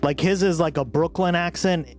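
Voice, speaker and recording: A man's voice: on the high side, normal speed, soft background music. A man hosting a livestream who reacts in casual, rambling commentary and swears freely. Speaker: livestream host.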